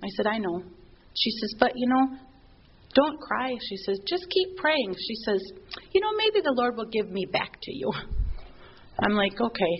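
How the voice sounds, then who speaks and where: A middle-aged woman telling a group an emotional personal story, animated and heartfelt, often restarting her sentences. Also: on the high side, moderate pace, pauses often. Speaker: speaker sharing a personal testimony with a group. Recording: dull lo-fi recording with faint room noise.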